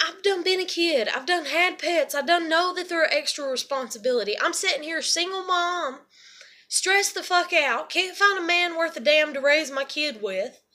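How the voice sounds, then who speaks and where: A woman's voice: high-pitched, bright, forceful tone. A young woman and single mother venting in a rambling, profane personal monologue.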